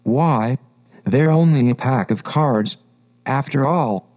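A man's voice: mid-range voice, slow pace, a little mellow, dull audio, lightly acted. A man voicing a polite, curious young girl in a storybook reading. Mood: earnest. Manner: polite, earnest.

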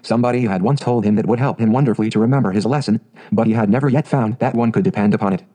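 Guy reading a fairy tale audiobook, dark mellow voice, steady pace. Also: lowish voice, rapid-fire, rough recording. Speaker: narrator.

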